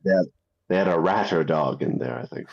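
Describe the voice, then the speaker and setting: A man's voice: sits low, brisk, vocal fry, highs cut off. A man playing in a tabletop game, musing and laughing at himself. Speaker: player.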